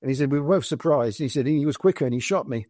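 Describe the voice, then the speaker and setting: A British man on a podcast spins army anecdotes, acting out the people he met in little quoted exchanges. His voice sits at an ordinary middle pitch, and the sound is close and dry, with no room around it. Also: fast, dry recording. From Britain. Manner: animated anecdotes with quoted dialogue. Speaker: podcast guest, former soldier. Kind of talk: conversational storytelling.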